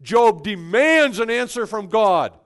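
Male preacher, sermon, emphatic, unhurried, smooth clear voice. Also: high voice, expressive. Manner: emphatic, swings from hushed to forceful.

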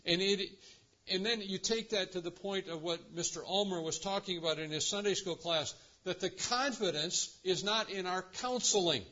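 A pastor preaching with a bright, fairly high voice. At times he builds to an impassioned, rising delivery. The recording is dull and lo-fi. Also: normal speed. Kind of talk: sermon.

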